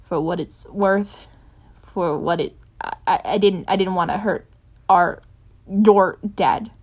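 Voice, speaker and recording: Brief: woman reader doing a contrite young man, halting and stammering, slightly low, storybook. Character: remorseful, hesitant young man.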